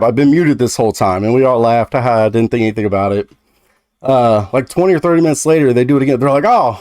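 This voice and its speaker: A man's voice: medium pitch, mellow, no echo, clean studio sound. A young man telling a personal story on his gaming vlog, talking in a loose, conversational way with lots of fillers and restarts. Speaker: gaming YouTuber.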